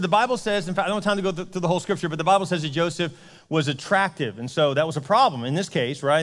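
A man's voice: high-pitched, slight background noise. A man preaching a casual, joking sermon as pastor, telling a story and acting out the characters' voices. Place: church sanctuary. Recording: long hall reverb.

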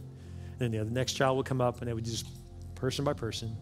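A man preaching a sermon as pastor, telling a story earnestly and often dropping into soft, hushed passages. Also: mid-range voice, fairly even intonation, very fast. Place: church sanctuary with several campuses. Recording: long reverb of a large hall with music behind.

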